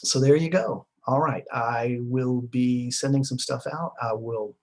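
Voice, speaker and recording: Husky-voiced man giving a relaxed lecture. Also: medium pitch, measured pace. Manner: conversational, with fillers and emphatic short repeats. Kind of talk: classroom lecture.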